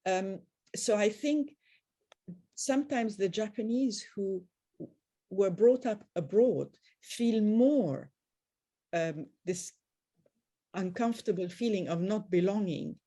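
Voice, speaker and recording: An older woman shares family stories over a video call, slipping into quoted conversations as she goes. Her voice is mellow and sits at a middling pitch. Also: slow pace, pauses often. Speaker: guest. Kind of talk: storytelling in a group video call.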